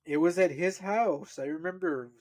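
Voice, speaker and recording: A podcast co-host recalling memories in a relaxed, reflective way, with many "like" fillers. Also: male voice, sits high, normal speed. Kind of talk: casual storytelling.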